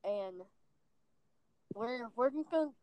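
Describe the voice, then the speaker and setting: A woman's voice: on the high side, expressive, slow, a little mellow, dry recording, poor audio. Rambling Southern American woman chatting. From Southern United States. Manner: rambling, self-deprecating, many ums and anyways. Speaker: podcast co-host. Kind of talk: casual chat.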